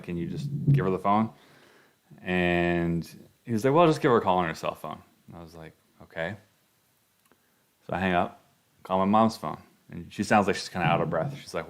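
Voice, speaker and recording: A man with a very low, deep voice tells a story on his radio show. He talks casually and rambles, with plenty of ums and restarts. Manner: rambling, conversational, many fillers.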